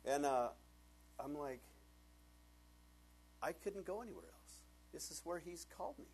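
A male pastor preaching a sermon, animated and laughing often, acting out bits of dialogue in changing voices. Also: a little high, measured pace, slight background noise.

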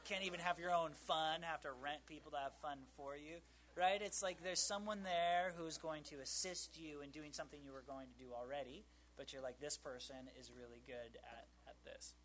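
A man's voice: on the high side, steady tone, moderate pace, a bit bright. A man giving a casual, conversational Bible teaching, full of fillers and joking asides.

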